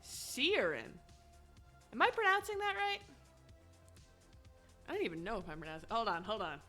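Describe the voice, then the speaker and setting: A woman streams a video game with chatty, laughing commentary and swearing asides, her fairly high voice bright, forceful, and brisk with huge pitch swings. It's casual gaming talk captured with headphones and a desk mic, over soft background music.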